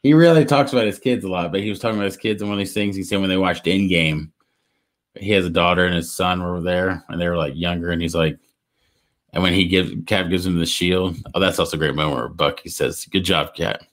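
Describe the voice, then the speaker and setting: Rambling, animated podcast co-host man. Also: sits low, quick pace. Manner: rambling, animated retelling with many restarts. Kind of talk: casual chat.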